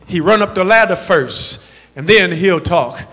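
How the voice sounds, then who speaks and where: Sly shopkeeper, male, casual upsell delivery, voiced by a preacher, high and bright, in a reverberant hall. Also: expressive, a little slow, heavily acted. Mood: matter-of-fact. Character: sly male bird-shop seller upselling.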